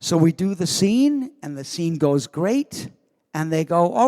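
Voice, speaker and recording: Slow, animated man telling stories in a hall. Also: fairly high pitch. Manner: animated, self-amused storytelling. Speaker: guest of honor actor. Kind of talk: anecdote on a convention stage. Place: convention hall. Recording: long hall reverb.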